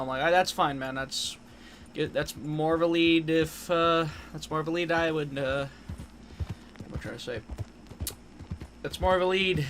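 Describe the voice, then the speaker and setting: A man's voice: on the high side, moderate pace, sharp tone, slight background noise. A man streaming a game and chatting casually, in a rambling way that corrects itself as he goes. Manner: rambling, laughing, self-correcting. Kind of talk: casual gaming chat.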